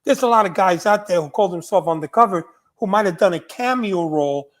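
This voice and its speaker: A man's voice: high-pitched, animated, fairly quick, a bit bright. An older man, a retired undercover agent, telling stories in a blunt, emphatic podcast conversation.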